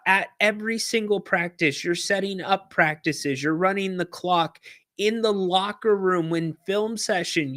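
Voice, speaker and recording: A man hosting a podcast, telling a casual story in an animated way and acting out shouted quotes. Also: sits high. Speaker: podcast host.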